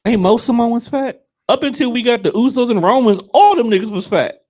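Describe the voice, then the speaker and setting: Male podcast co-host, slangy and joking, lively intonation, high. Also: brisk. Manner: loose, joking, slangy, laughs often. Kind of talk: casual group chat.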